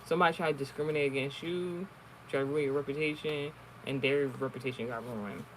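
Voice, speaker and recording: A man's voice: mid-range voice, fairly even intonation, fairly quick, a little hiss or hum, rough recording. A man telling a story in casual, rambling talk, swearing often and restarting his sentences, as an online streamer. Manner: rambling, profane, many restarts. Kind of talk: casual storytelling and card reading.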